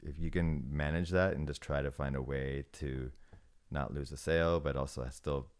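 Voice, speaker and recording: A middle-aged man talking casually on a podcast, measured and hesitant, thinking aloud as he goes. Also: rumbling low, fairly even intonation, clear, resonant tone. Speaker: podcast guest, former snowboard shop manager.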